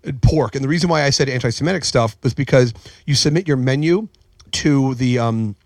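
A man hosting a casual podcast, quick with wry jokes and reactions. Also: mid-range voice, no echo.

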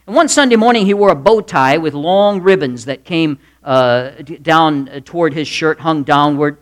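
A man's voice: on the high side, normal speed. A male pastor delivers a midweek sermon in a folksy, storytelling style. He moves easily from jokes to earnest points, his voice sitting a bit above the usual male range.

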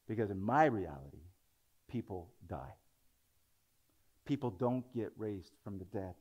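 A man's voice: fairly low pitch, lively intonation, unhurried, pauses often, a little mellow, husky, lo-fi sound. A man preaching a sermon, talking conversationally and building into dramatic scripture readings.

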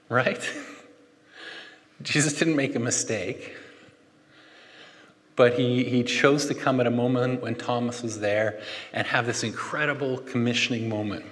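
A man preaching a conversational sermon, animated and chatty, with joking asides. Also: medium pitch. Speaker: pastor. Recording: long hall reverb.

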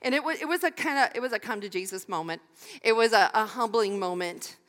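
An older woman pastor preaching a sermon, animated and emphatic, laughing easily and repeating key phrases. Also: mid-range voice, brisk. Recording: long hall reverb.

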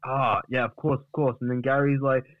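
A man casually retelling a comedy bit on a podcast, halting and rambling. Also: medium pitch, level tone, no echo, narrow, tinny audio. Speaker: podcast co-host.

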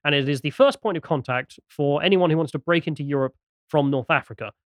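Quick, sardonic man. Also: fairly high pitch, no echo, clean studio sound. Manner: quick and sardonic, reading out posts with asides. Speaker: podcast co-host presenting the news segment. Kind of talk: casual political podcast chat.

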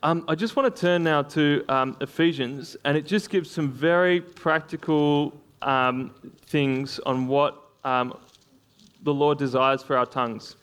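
A man's voice: on the high side, a little slow, fairly bright tone, smooth. Man preaching a casual sermon. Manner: conversational, with frequent fillers and laughs.

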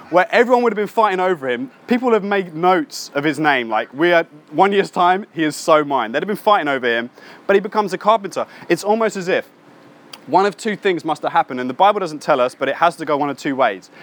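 A man preaching a casual sermon. He acts out the people in his stories in a lively way and adds slangy asides. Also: sits high, fast talker.

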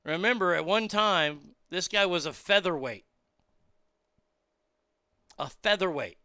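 A man giving blunt, profane, unscripted commentary, with loud excited reactions while watching video clips. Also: high-pitched, slow, clear, resonant tone, no room sound, clean studio sound.

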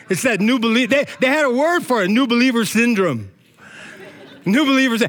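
A middle-aged male pastor preaches with a high, bright voice. He talks in casual slang and keeps climbing into loud shouts of praise, rousing his church. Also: very animated, a little fast. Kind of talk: energetic sermon.

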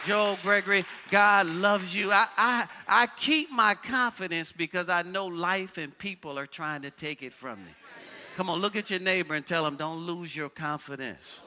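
A man's voice: high-pitched, moderate pace, pushed and bright. A male pastor preaching a sermon in a church, leading his congregation in call-and-response with energy.

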